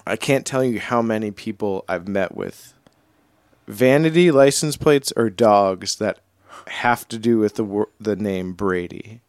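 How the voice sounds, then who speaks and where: A man's voice: on the low side, measured pace, a little mellow, dry recording. A man from New England, a guest musician, chatting casually in a recording studio and often stopping to restart his sentences. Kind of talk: casual chat.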